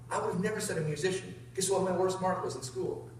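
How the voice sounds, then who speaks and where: A man from Canada giving an energetic motivational talk to a live audience, telling his story and often turning to the crowd with questions. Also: high-pitched, fast talker, background noise. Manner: energetic, animated, keeps addressing the audience. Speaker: motivational speaker. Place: large hall with an audience. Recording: very echoey hall, voice from far off.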